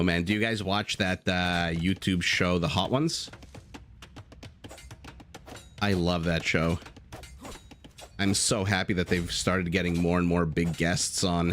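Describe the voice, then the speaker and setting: A man's voice: low-pitched, a bit bright, a little hiss or hum. A man casting a strategy game live, chatting casually with viewers and telling stories as he goes. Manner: chatty, easygoing, swears casually, tells stories.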